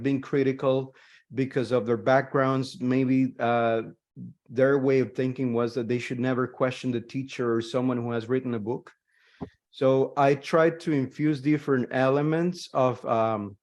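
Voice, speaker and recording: A man who teaches English as a second language gives an academic talk over a video call. He speaks hesitantly, pausing often and adding "right?" tag questions. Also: medium pitch, darkish tone. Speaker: ESL instructor and co-author. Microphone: video call microphone.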